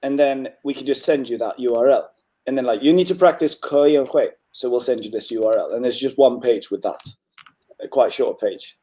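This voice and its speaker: A man with a mellow, dark voice at a middle pitch, tutoring a student one on one. He talks in a relaxed, encouraging way, often clearing his throat and filling pauses with ums. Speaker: Chinese tutor. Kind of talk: online tutoring session.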